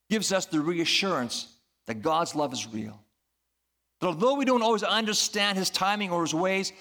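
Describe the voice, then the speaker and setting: A man's voice: on the high side, a bit bright. Earnest male pastor preaching a sermon. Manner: earnest preaching, rising to emphatic peaks.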